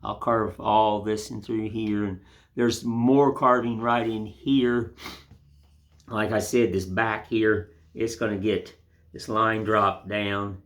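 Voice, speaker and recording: A man's voice: fairly low pitch, steady tone, takes it slowly. An older man giving a casual, rambling woodcarving lesson in a folksy, self-deprecating way. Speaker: woodcarving instructor. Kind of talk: casual hands-on demonstration.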